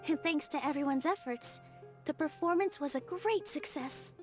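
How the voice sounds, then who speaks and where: Brief: woman playing a bubbly little fairy companion, very high and chirpy, game music faint behind. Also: moderate pace, lightly acted. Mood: cheerful. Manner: bubbly and eager. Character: tiny floating female fairy guide, cheerful, excitable. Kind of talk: video game dialogue.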